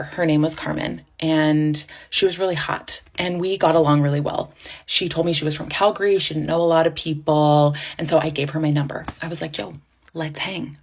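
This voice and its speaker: A woman telling a dating story in a wry, self-mocking comic way. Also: deep voice. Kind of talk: casual storytime.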